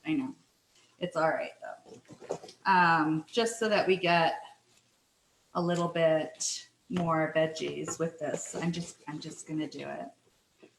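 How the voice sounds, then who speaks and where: A woman's voice: sits low, fairly even intonation, slow pace, gravelly, long pauses, roomy sound, slight background noise, low-quality recording. A middle-aged Canadian woman hosting a casual cooking show from her kitchen, chatty and self-deprecating, apologizing often as she works. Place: home kitchen.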